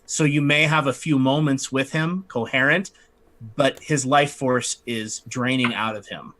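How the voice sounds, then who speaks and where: A man narrating a tabletop game as game master, relaxed and chatty with frequent fillers. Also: mid-range voice, measured pace, slight background noise.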